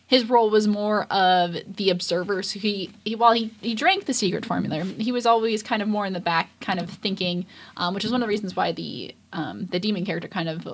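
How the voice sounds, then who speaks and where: A woman's voice: medium pitch, a little fast. A young woman co-hosting a podcast, recapping an anime episode in a rambling, casual way with lots of fillers and restarts. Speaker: podcast co-host. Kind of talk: casual anime reaction chat.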